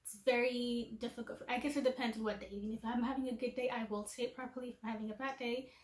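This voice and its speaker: A woman's voice: fairly high pitch, steady tone, quick pace, echoey room, low-quality recording. A woman vlogger chatting casually and self-deprecatingly to camera, laughing at herself.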